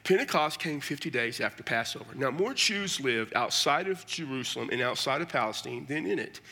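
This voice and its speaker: A man's voice: mid-range voice, expressive, brisk, sharp tone. A man from South Texas with a Texan twang, preaching a conversational sermon with folksy asides. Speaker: pastor.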